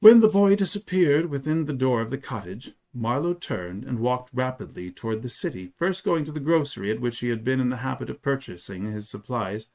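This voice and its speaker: A man reading a 19th-century story aloud, telling it in an expressive, dramatic way. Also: mid-range voice, brisk, few pauses. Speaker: reader.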